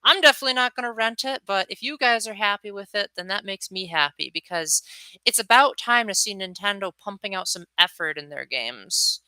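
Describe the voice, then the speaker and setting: Young woman streamer, casual and talkative; bright, crisp tone, dry close mic. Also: medium pitch, lively intonation, brisk, no echo, low-quality recording. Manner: chatty, answers viewers' chat, acts out quotes. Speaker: livestream host. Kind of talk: casual livestream chat.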